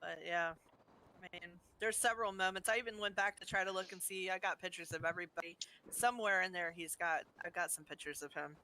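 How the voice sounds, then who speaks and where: A woman's voice: lowish voice, steady tone, fast, sharp tone. A woman sharing a story at a memorial for a friend, laughing now and then as she talks. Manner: storytelling, laughs between lines. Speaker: roleplay community member.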